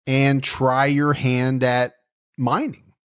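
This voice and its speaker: A man co-hosts a true-crime podcast, telling the case in a casual, joking, conversational way full of asides. His medium-pitched voice is smooth, fairly flat and slow.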